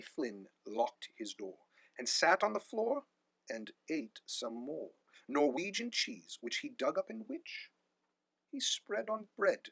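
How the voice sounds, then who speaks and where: A man reading a rhyming picture book aloud with animated delivery. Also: on the high side, slow pace, vocal fry, breathy edge, dry recording. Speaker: storyteller.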